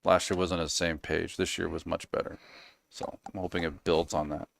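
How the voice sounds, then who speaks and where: A man's voice: low-pitched, little pitch movement, brisk, creaky, a bit bright, no room sound. A man from the United States talking as a podcast guest in a casual, rambling way with frequent ums and trailing asides. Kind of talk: casual interview talk.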